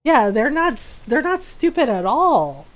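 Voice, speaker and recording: A woman's voice: high-pitched, sing-song, unhurried. Chatty woman game streamer. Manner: chatty, laughing often, many fillers. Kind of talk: casual live-stream chat while gaming.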